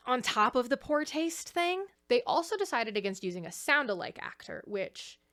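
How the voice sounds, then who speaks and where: A young woman hosting a casual commentary video essay, chatty and animated, laughing often. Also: sits high, moderate pace.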